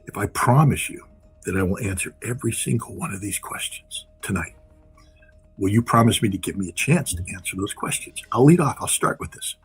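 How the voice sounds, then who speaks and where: A man's voice: fairly low pitch, husky. A man giving impassioned, blunt political commentary as a guest, repeating phrases for emphasis.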